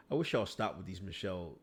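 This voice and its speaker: A man's voice: deep voice, slightly rough. A man hosting a casual livestream, ranting and talking back to his chat with lots of profanity. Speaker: livestream host.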